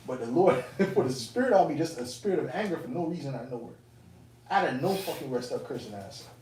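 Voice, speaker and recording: A man casually telling a personal testimony to fellow believers, animated and profane, with streetwise phrasing. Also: mid-range voice, fast talker. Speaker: elder speaking to fellow believers. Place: indoor camp meeting room. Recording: roomy, distant mic, faint room noise.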